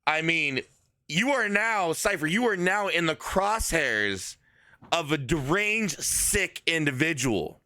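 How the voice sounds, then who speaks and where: A man doing comedic wrestling commentary in a measured, incredulous manner. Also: on the high side, animated, bright, forceful tone, no echo.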